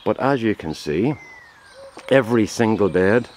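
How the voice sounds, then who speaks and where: A man telling a comic story to the camera in a deadpan, mock-serious way, outdoors in his garden with a handheld camera. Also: fairly low pitch, unhurried, slight background noise. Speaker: vlogger.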